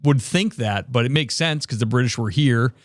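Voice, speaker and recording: A man's voice: mid-range voice, moderate pace, no room sound, clean studio sound. Chatty man hosting an interview. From Boston area. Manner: chatty, enthusiastic, many fillers. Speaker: podcast host. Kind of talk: casual interview chat.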